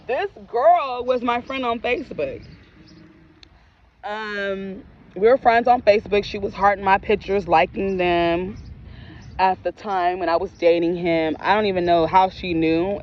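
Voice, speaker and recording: A woman's voice: mid-range voice, takes it slowly, highs cut off, slight background noise. A young woman telling a personal story in a casual, candid and profane way, full of emotion. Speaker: storyteller vlogger.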